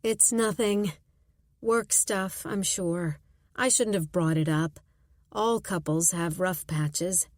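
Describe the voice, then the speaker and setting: A female friend who is uneasy and waves a worry away, as a woman narrator voices her. She sounds hesitant and dismissive, speaking low and slowly. The audiobook read is close and dry. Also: dry recording. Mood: evasive.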